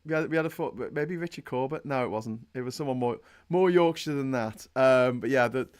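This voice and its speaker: A man's voice: mid-range voice, a little fast, smooth. A man co-hosting a casual live-stream chat, joking, laughing often and reading out viewer messages. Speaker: co-host reading viewer comments.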